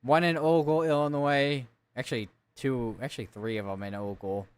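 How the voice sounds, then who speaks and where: This man's mid-range, smooth voice keeps a fairly even intonation and normal speed during live severe weather coverage. Thinking aloud as he goes, he reads out storm reports and town lists and corrects himself often.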